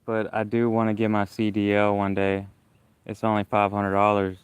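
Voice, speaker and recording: A man with a Southern US accent chatting casually on a livestream, talking slowly around a stammer. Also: lowish voice, completely flat delivery, clear, resonant tone, no echo. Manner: stammer, slow careful breathing; chatty, rambling. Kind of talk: casual live chat.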